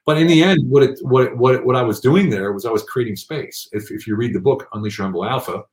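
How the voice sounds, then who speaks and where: A man telling rambling, animated anecdotes with many fillers in a casual interview. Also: medium pitch, fast talker, reverberant. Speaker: guest.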